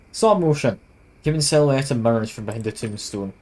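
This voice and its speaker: A man's voice: medium pitch, moderate pace, darkish tone, poor audio. A man streaming a video game, reading the on-screen text aloud and adding wry, self-mocking asides. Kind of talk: casual let's-play narration, reading game text aloud.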